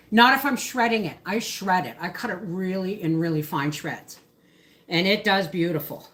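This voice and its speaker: A homesteading livestream host cooks in her home kitchen and chats casually in a mid-range, fairly bright voice. She's talkative and rambling, frequently interrupting herself before finishing a thought.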